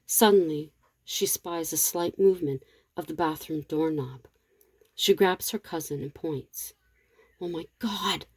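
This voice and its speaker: A woman narrates a tense story in a steady, measured reading. Her voice is low and dark, and the recording is dry and close. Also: husky, dry recording.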